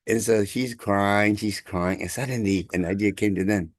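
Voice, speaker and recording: A man, telling a family story over a video call in halting, chuckling speech. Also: lowish voice, fairly even intonation, no echo, clean studio sound. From Taiwan. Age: 60s. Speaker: congregation member sharing gratitude. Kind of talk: casual storytelling.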